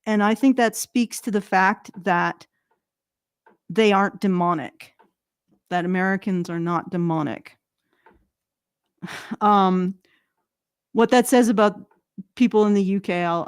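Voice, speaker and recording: Canadian lady rambling through political commentary, dead dry mic, middle pitch, keeps restarting her sentences. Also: a little slow, long pauses, clear, resonant tone, dry recording. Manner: rambling, self-correcting, chuckles at own jokes. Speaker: political commentary show regular.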